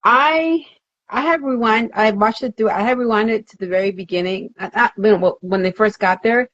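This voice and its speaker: A woman's voice: medium pitch, moderate pace, a bit bright. A woman guest on a podcast, talking casually and hesitantly, often stammering and agreeing. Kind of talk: casual chat. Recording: dull dry sound.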